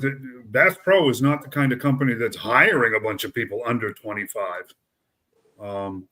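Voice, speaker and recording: A man's voice: medium pitch, a bit bright. Rambling man chatting. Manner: rambling, conversational, many fillers and restarts. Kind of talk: casual chat.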